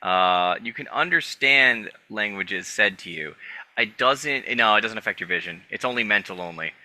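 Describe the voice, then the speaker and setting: A man running a tabletop game as game master, narrating in a loose, halting way full of fillers. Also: on the low side, lively intonation, bright, forceful tone, no echo.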